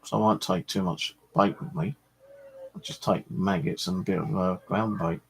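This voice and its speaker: A man's voice: low-pitched, steady tone, moderate pace, creaky, a little hiss or hum, rough recording. A middle-aged man, chatting casually as the host of a fishing channel and telling rambling stories while swearing freely.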